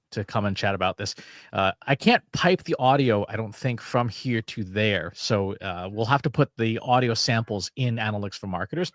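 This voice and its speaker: A man co-hosting a casual chat, talking loosely with lots of fillers while he demos software. His voice is mid-pitched and the recording is close and dry. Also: no room sound. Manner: loose, chatty, many fillers. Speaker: co-host.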